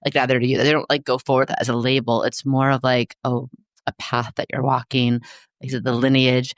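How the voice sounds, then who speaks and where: A woman hosting a podcast, telling stories in a lively, self-deprecating, goofy way. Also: extremely low pitch, fairly quick, no echo, clean studio sound. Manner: animated, self-deprecating storyteller. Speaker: podcast host. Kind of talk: casual chat.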